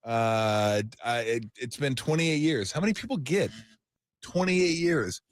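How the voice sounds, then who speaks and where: A middle-aged radio sports host saying an emotional farewell on air, rambling and animated. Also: male voice, medium pitch, a little slow.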